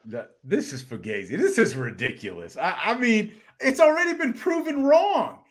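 Host type: an animated man with a lively, higher voice running a sports segment. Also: moderate pace. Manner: animated, laughs often, exclaims in disbelief. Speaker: podcast co-host. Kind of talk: casual sports chat.

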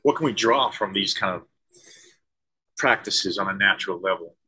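A man, a former special-forces soldier and leadership consultant, answering interview questions thoughtfully with halting restarts. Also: deep voice, bright, forceful tone, husky, poor audio. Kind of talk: conversational interview.

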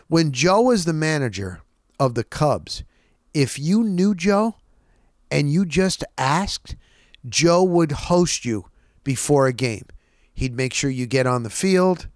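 Animated man telling a rambling story. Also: mid-range voice, a little slow, no echo, clean studio sound. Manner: animated, rambling, acts out quotes. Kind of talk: casual storytelling.

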